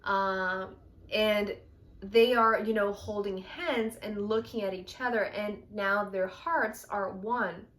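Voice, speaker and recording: A woman talks through a tarot reading in a loose, chatty way. She is effusive and easily excited, and her voice sits at an ordinary middle pitch. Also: slow. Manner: chatty, full of "you know" and "right?". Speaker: tarot reader.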